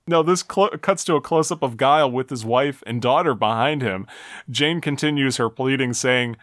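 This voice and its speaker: A man's voice: moderate pace, no echo, clean studio sound. A man co-hosting a casual chat, recounting video game ending scenes and acting out the quoted lines. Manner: animated storyteller, acts out quoted lines in shifting pitch. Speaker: podcast co-host.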